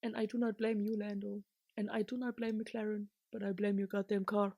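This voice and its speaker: A young woman vlogger chatting casually and excitably, rambling, laughing often and swinging from whispers to shouts. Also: medium pitch, moderate pace, vocal fry, slightly rough, no room sound, clean studio sound.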